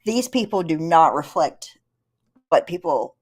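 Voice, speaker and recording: A woman's voice: low-pitched, expressive, measured pace, a little mellow, husky. A woman from the co-hosting a casual reaction chat, indignant, swearing, with apologetic asides. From American South.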